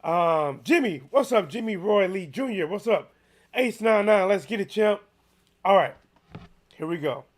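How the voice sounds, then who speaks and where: A man hosting a casual solo sports commentary, chatty and animated with lots of restarts, his voice a little hoarse. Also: high-pitched, unhurried. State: slightly hoarse.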